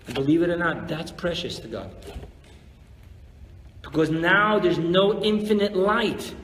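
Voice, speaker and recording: High-voiced rabbi in an echoey hall. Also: male voice, unhurried, pauses often. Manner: animated, rhetorical questions, acts out grumbling voices. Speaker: rabbi teaching a weekly class. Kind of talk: live religious class lecture. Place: lecture room before a live audience. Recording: echoey hall with long reverb, faint noise.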